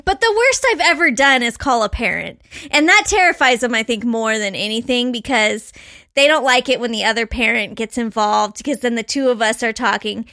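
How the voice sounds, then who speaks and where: Bright, high-voiced woman telling a story. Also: brisk, dry recording, studio quality. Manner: animated, laughs often, acts out dialogue. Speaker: podcast co-host. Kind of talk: casual storytelling chat.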